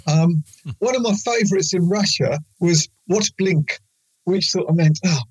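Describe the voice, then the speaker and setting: A man's voice: high-pitched, normal speed, a little hiss or hum, poor audio. A man chatting casually, rambling hesitantly through words he heard abroad. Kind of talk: casual chat.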